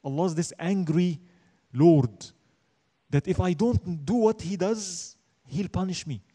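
A man lectures emphatically in an Islamic studies class in a high-pitched, mellow voice. He raises questions only to answer them himself and recites Arabic verses quickly.

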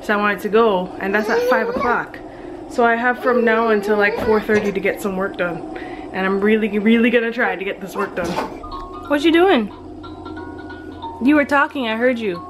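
A woman's voice: medium pitch, lively intonation, brisk, music in the background, poor audio. A young woman, a mother, chatting casually to the camera at home, slipping into playful sing-song talk with her small children. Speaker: family vlogger and mother. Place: at home in a bedroom.

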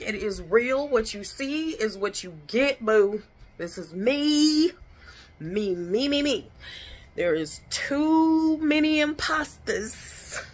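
A woman's voice: high voice, fairly bright tone. A woman chatting bluntly in a casual home vlog from her kitchen, swearing freely and talking with her lips barely open. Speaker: vlogger.

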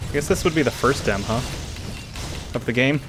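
A man's voice: mid-range voice, expressive, a little fast, a bit bright, faint music behind. A man co-hosting a let's play, chatting casually as he plays and laughing easily. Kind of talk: casual gameplay commentary.

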